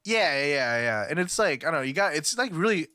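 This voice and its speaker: A young man with a bright, forceful voice, chatting on a podcast in a loose, rambling way with plenty of "like"s and swearing. The recording is dry and close. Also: a little high, fairly quick, clear, resonant tone, no room sound. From California, United States. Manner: rambling, filler-heavy, profane, animated storytelling. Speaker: podcast co-host. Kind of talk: casual podcast chat.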